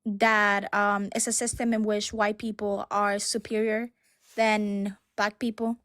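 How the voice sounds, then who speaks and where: A woman calling into a live debate stream, speaking haltingly with many fillers and restarts. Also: mid-range voice, flat delivery, fairly bright tone, dry recording, clean studio sound. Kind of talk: hesitant debate on a call.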